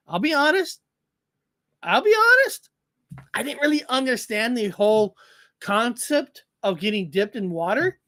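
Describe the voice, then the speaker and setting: A man's voice: sits high, fairly bright tone, no room sound. A man in casual podcast chat, rambling with lots of repeated words and frequent laughs.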